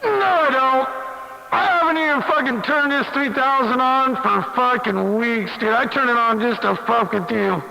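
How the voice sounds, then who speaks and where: High, gravelly man taunting over CB radio. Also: normal speed, pushed and bright, faint music behind. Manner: mocking, profane, laughing taunts. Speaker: CB radio operator. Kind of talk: on-air radio banter. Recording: hissy CB radio with long reverb.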